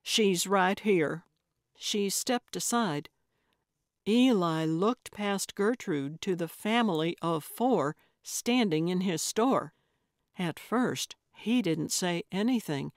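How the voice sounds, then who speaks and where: A woman narrating a cozy mystery audiobook in a measured, even manner. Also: on the low side, dry recording, studio quality. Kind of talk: scripted narration.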